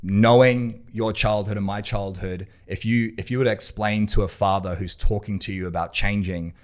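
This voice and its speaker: A man's voice: lowish voice, fairly even intonation, normal speed, clean tone. A man hosting a podcast, talking bluntly and emphatically in a casual conversation, swearing freely. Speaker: podcast host.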